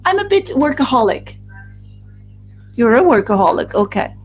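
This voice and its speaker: A woman voices a group discussion as a live interpreter, her voice sitting a little high. She speaks haltingly, breaking off and restarting her phrases. Soft music plays faintly behind her. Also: very animated, poor audio. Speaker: voice-over interpreter for a focus group.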